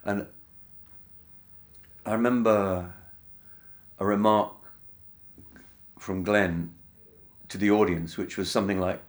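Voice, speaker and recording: A man from England in an interview, telling stories in a wry, measured way with many fillers. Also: fairly low pitch, fairly even intonation. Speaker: interviewee, band member. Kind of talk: anecdotal interview storytelling.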